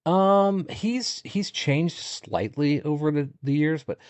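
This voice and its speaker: A middle-aged man, a podcast guest, chatting casually and telling jokey stories with sudden animated jumps in pitch. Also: slow pace, clean tone, no room sound. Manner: jokey, animated storytelling with bursts of higher pitch. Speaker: podcast guest, content creator. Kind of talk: casual interview chat.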